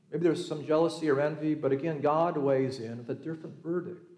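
A man's voice: sits high, moderate pace, a little mellow, roomy sound. A middle-aged male pastor preaching a sermon, telling the story conversationally and acting out the quoted voices. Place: church.

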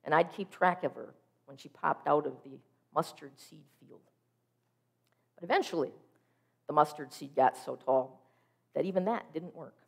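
Lowish-voiced woman telling a sermon story. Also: normal speed, vocal fry, pauses often. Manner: vivid, expressive storytelling. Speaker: preacher.

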